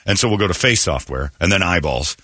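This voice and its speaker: A man hosting a morning radio show, telling stories in casual banter and slipping into quick impressions. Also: low-pitched, no echo. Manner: storytelling, animated, slips into impressions.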